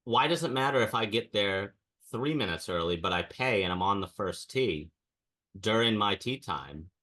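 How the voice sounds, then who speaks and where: Deep, bright-toned man ranting. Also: expressive, normal speed. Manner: ranting storyteller, mimics people he quotes. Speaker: podcast co-host. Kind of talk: casual chat.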